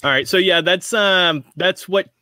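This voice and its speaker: Bright, sharp-toned man as a tabletop player, casual and musing, dry sound. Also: high voice, measured pace, dry recording. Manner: casual, thinking out loud. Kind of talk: tabletop game play.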